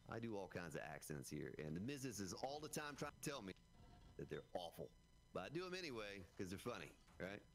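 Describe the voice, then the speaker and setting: A man's voice: sits low, big pitch swings, brisk, a little hiss or hum. A middle-aged man streaming a survival game, chatting in a folksy, joking way with his viewers and teammate. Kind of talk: casual live-stream chat.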